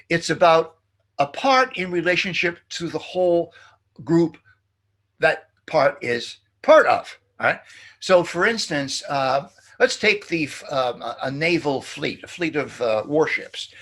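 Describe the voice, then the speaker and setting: A middle-aged man giving a philosophy lecture, animated and full of fillers and restarts. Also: a little high, breathy edge. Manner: acts out quoted jokes in a playful sing-song. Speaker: philosophy professor. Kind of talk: recorded lecture.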